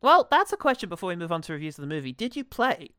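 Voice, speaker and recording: Bright, lively man chatting. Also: sits high, rapid-fire, smooth, no room sound, soft background music. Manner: playful, laughs often, sarcastic. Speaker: podcast co-host. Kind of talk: casual chat.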